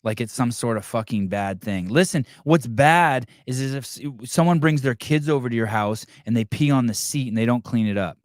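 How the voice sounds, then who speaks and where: A man's voice: medium pitch, normal speed, hardly any pauses, dry recording, studio quality. A man hosting a podcast, ranting crudely and mocking people in whiny voices. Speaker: podcast host. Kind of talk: crude comedic rant to live chat.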